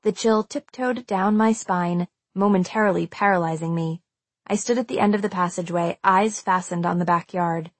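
A woman's voice: on the low side, moderate pace, no room sound. A woman reading a first-person audiobook aloud, telling a tense and suspenseful story. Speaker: audiobook narrator.

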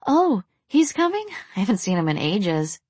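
A woman's voice: medium pitch, sing-song, moderate pace, darkish tone, slightly rough, no room sound, pitched above the performer's own voice. A woman reading a sassy young party guest in a perky, teasing voice.

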